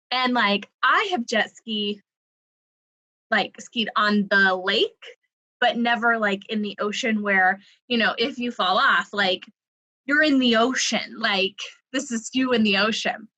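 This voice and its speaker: Young southern woman rambling through a funny story, lots of "like", bright voice, dry close sound. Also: on the high side, no echo, rough recording. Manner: chatty, lots of "like", laughs while telling. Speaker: creative writing coordinator. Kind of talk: casual storytelling.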